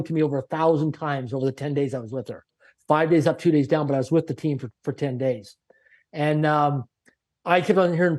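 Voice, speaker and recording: A middle-aged man from Canada speaks with a slightly raised pitch and drives his points home in punchy lists. He tells stories with energy and acts out the people in them. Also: brisk, a little mellow. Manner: emphatic, punchy lists, acts out quoted dialogue. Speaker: guest. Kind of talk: energetic motivational storytelling.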